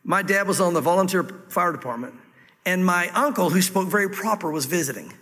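Bright high Southern preacher in a hall. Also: male voice, animated, a little fast. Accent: Southern American. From Southwest Virginia, US. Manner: reads scripture aloud then explains it, with folksy asides. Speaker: pastor. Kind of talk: verse-by-verse sermon. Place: church room with audience.

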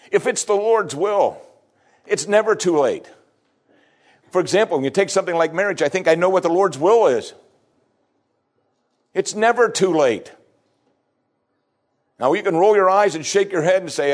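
A man's voice: normal speed, long pauses. A middle-aged man preaching a sermon, acting out scripture dialogue with big swings in his voice. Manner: expressive preaching, acting out scripture dialogue with sweeping pitch shifts. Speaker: pastor.

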